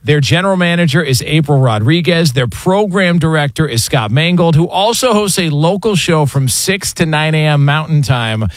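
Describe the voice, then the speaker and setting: A man's voice: a little high, expressive, normal speed, few pauses, no room sound. A man hosting a sports radio show, steering the talk and reading betting odds and affiliate announcements. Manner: smooth broadcast delivery, reads sponsor and affiliate notes.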